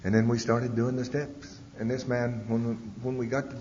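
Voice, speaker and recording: A man's voice: flat delivery, moderate pace, darkish tone. A man giving a personal testimony talk at a convention, telling his story bluntly with frequent "uh" and "you know". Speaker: speaker at a recovery convention. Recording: echoey hall, dull 1990s tape, faint rumble.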